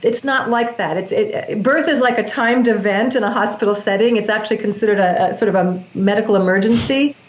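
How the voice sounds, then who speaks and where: A woman's voice: mid-range voice, a little fast, hardly any pauses. A woman guest on an interview show, a breath work practitioner explaining her practice in an earnest, teaching manner with frequent restarts. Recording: roomy, dull lo-fi sound.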